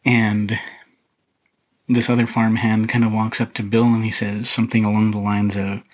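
Male podcast host, low and husky, flat delivery, casual rambling film talk. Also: moderate pace, poor audio. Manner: relaxed, rambling, frequent fillers and restarts. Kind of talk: casual solo film commentary.

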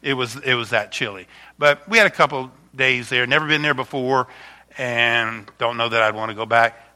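A man's voice: mid-range voice, moderate pace. A man in his fifties, a pastor chatting through a slideshow of stories before his sermon. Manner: chatty, warm storytelling with frequent restarts.

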